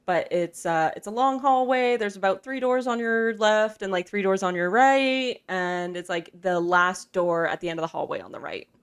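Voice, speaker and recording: A woman's voice: mid-range voice, normal speed, few pauses, smooth. A woman running a tabletop game, narrating scenes in a casual, chatty way. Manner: casual, chatty, laughs easily. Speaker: game master.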